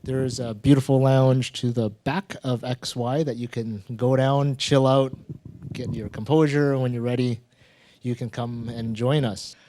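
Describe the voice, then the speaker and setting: A man hosting a live storytelling event on stage, talking in a relaxed, conversational way and acting out little exchanges from his own stories. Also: medium pitch, unhurried, no room sound. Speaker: host of a live storytelling show.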